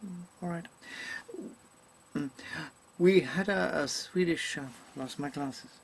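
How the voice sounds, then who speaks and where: A man speaks slowly in a rather high, creaky, husky voice. As an actor performing a comic monologue for a webcam, he rambles and digresses, pausing with ums and revising himself constantly, his diction theatrical and mannered.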